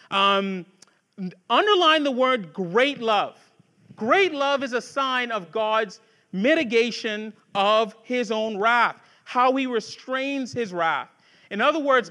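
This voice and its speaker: A man with a very high, bright and forceful voice preaches a sermon to his congregation. He talks conversationally, with asides and restarts, then builds to fervent rhetorical questions. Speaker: pastor.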